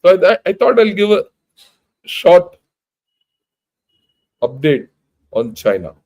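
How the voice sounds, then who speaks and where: A man's voice: high voice, sing-song, slow, darkish tone, poor audio. An older man with an Indian English accent giving an informal, emphatic talk, blunt and full of rhetorical questions. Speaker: retired army general giving a talk. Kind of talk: informal lecture.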